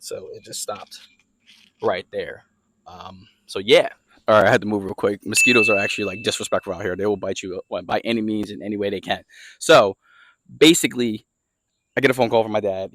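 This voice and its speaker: This young man, a car vlogger, wanders his yard on camera, spinning a relaxed, meandering story packed with fillers in a fairly low voice. The recording is close and dry, with virtually no room sound and no echo.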